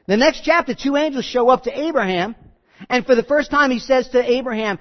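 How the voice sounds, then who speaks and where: A man's voice: very high-pitched, fairly quick. A man preaching a sermon in a joking, conversational way, acting out the people he quotes. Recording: dull sound in a reverberant hall.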